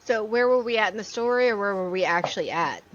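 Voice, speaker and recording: A woman's voice: medium pitch, fast, dull audio. A woman co-hosting a casual podcast, retelling a court case with a blunt manner and casual swearing. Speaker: co-host.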